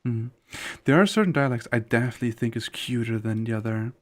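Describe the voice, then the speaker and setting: Speaking fast in a medium pitch, a man streams his gameplay and talks casually with viewers. He rambles, fills his sentences with "like," and doesn't hold back his strong, candid opinions.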